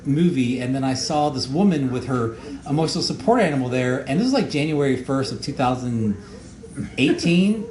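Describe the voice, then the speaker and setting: A show creator gives casual audio commentary in an echoey room with faint noise and a crowd in the background. His mid-range voice is animated, and he rambles haltingly, with many fillers and repeated words.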